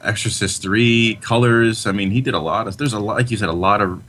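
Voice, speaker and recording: A man's voice: fairly low pitch, a little fast, fairly bright tone. A man co-hosting a casual podcast chat, joking in a wry way. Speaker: podcast co-host.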